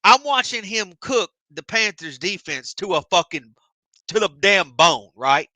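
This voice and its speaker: A man's voice: high-pitched, unhurried, dry recording. A man co-hosting a casual podcast, ranting emotionally with lots of swearing. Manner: emotional, animated ranting with heavy profanity. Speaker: podcast co-host. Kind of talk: heated casual chat.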